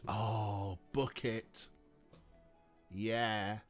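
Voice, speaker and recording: Give me a man slowly cracking jokes while streaming a game. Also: fairly low pitch, steady tone, soft background music. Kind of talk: casual let's play commentary.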